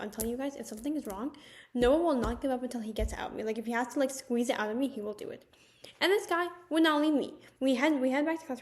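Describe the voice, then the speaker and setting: A young woman telling a personal story in a casual, animated storytime manner, with lots of "like"s. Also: fairly high pitch. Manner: chatty, animated storytelling with many "like"s. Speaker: vlogger.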